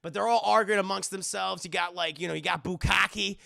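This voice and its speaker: A man gives a casual, profane episode recap in a high, heavily gravelly voice. He sounds bright and forceful, and the recording is close and dry. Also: fairly even intonation, a little fast. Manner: loose and profane, acting out the scenes. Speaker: show reviewer.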